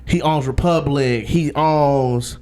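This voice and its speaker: A man's voice: on the high side, slow pace. Slangy young man telling his story. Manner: animated, slangy storytelling, voices other people in quotes. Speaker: guest. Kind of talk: casual storytelling interview.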